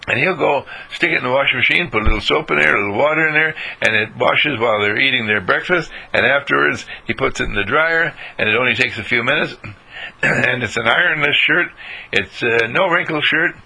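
A man's voice: mid-range voice, fairly quick, vocal fry, pushed and bright, poor audio. An older man giving a folksy moral talk, acting out little everyday scenes as he goes. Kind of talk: storytelling lecture.

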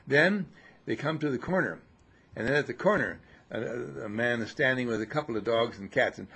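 Male spiritual teacher, gravelly husky voice, lively pitch, teasing and scolding, sermon to disciples. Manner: teasing, scolding, mocking laughter.

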